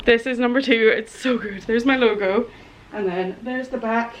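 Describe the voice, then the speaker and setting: A woman in her thirties chatting through a casual vlog as a small business owner, gushing and excitable with chatty asides. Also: on the high side, moderate pace, slight background noise. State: out of breath in places. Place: home studio office.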